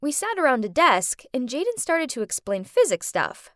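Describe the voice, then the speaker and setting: Lively young woman telling a story. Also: no echo, studio quality. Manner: lively, chatty teen-girl storytelling with quick pitch jumps. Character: chatty teenage girl narrator. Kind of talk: first-person animated story narration.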